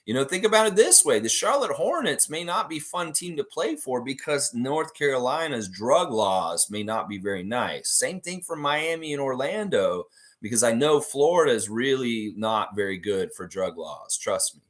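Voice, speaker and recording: A man's voice: medium pitch, big pitch swings, moderate pace. A Canadian man hosting a casual live stream, reading out viewer comments and rambling with many fillers and self-corrections. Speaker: podcast host.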